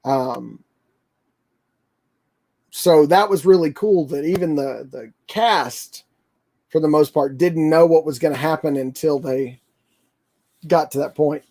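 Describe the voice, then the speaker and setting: A man hosting a casual livestream, talking in a rambling, excitable way with lots of fillers. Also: a little high, slow, vocal fry, long pauses. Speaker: toy channel livestream host.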